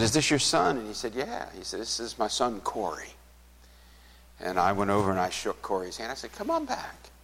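A man's voice: lowish voice, big-room sound. A man preaching as a pastor, retelling a conversation and acting out both speakers, dropping to a near whisper at the saddest parts. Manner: retells a conversation, acting out both sides, softening to a hush at sad moments. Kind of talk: sermon storytelling.

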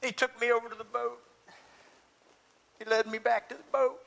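A man's voice: very high-pitched, little pitch movement, moderate pace, creaky, fairly bright tone, full character voice. A man preaching as the apostle Peter, an impulsive and talkative fisherman, telling his story in the first person with earnest, searching restarts. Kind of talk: first-person dramatic monologue.

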